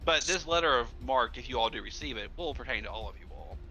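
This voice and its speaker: A man's voice: medium pitch, animated, fast, pushed and bright, faint music behind. A man narrating a tabletop game as game master, rambling casually with lots of fillers, on slightly muffled stream audio.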